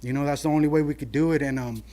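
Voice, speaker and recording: A man's voice: a little high, steady tone, rapid-fire, dark tone. A man speaking earnestly at a city council meeting, heartfelt and plain, often saying "you know". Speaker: shelter monitor giving public comment. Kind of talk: public comment at a council meeting. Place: council chamber.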